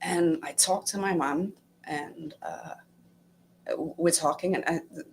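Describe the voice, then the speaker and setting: A middle-aged woman, here as a guest, relates her retreat experience in a low voice, a little slowly, against slight background noise. It's a casual, emotional personal story heavy with fillers, in which she quotes her own inner thoughts.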